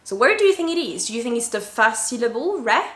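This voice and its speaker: A native French-speaking woman from France gives an online English lesson in a fairly high voice. She repeats key words slowly and deliberately for her learners. The room adds a clear echo. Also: sing-song, a bit bright. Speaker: English teacher.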